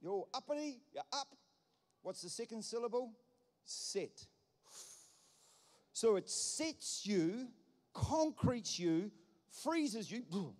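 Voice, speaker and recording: Preaching slowly with frequent pauses, a male pastor uses a high, darkish voice that swings widely in pitch. His sermon is emphatic and repetitive, built on wordplay, and echoes with long church hall reverb.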